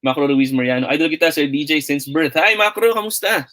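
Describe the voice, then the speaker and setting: Bright-voiced upbeat Filipino male teacher. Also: a little high, fast talker, low-quality recording. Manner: upbeat, chatty, reading out viewer comments and greeting them. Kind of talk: live online English pronunciation lesson.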